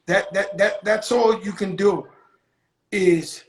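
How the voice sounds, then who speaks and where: A man's voice: high-pitched, fairly even intonation, slow, roomy sound, low-quality recording. A man hosting a casual call conversation, talking in a heartfelt way and stumbling over repeated words. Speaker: host.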